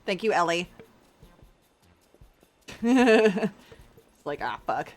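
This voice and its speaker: Giggly, excitable woman streamer. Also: fairly low pitch, drawn-out words, pauses often, soft background music. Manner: giggly, swears a lot, excitable. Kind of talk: casual gaming commentary.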